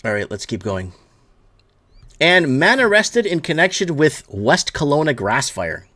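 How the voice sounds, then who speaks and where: A man with a fairly high, pushed, bright voice hosts a solo news commentary show, very animated yet unhurried. He reads headlines aloud and rants angrily, swearing a lot and stumbling and repeating himself as he gets worked up.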